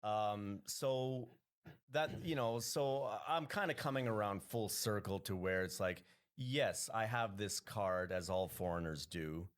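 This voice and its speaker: A man's voice: fairly low pitch, measured pace, clean tone. A Canadian man, a comedian, talking casually as a podcast guest, rambling with many restarts.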